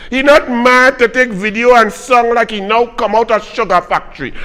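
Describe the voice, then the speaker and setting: Fiery high-voiced Trinidadian man ranting. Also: bright, forceful tone, in a large hall. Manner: fiery, mocking, repetitive hammering of points. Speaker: political commentary host. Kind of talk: political commentary rant.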